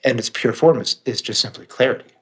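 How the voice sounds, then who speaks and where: A man's voice: medium pitch, quick pace, a bit bright. A man speaking as a podcast guest, earnest and reflective, swearing now and then for emphasis. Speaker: author and meditation teacher, guest. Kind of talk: candid podcast conversation.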